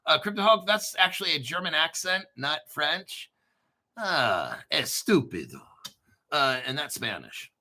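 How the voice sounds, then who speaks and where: A man voicing a sarcastic heckler who mocks the host in the third person, in a slightly lower voice. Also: animated, normal speed, few pauses, pushed and bright. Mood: mocking. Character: snarky male heckler mocking the host.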